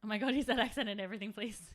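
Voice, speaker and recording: A woman's voice: a little high, fairly bright tone. A woman in her thirties chatting casually on a live stream, rambling and answering chat while she paints miniatures.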